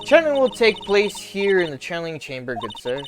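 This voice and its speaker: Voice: medium pitch, big pitch swings, brisk, natural voice. Formal old lady as a streamer puts her on, cold and proper, music playing behind. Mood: stern. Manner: stiff, archaic politeness, repeats "good sir". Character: stern, formal older woman, head of a spirit-medium family.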